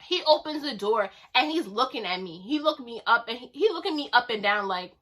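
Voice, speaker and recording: A woman telling a casual storytime vlog in an animated, chatty, slangy way, acting out the lines people said to her. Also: a little high, fairly quick. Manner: animated, chatty, slangy, acts out quoted dialogue.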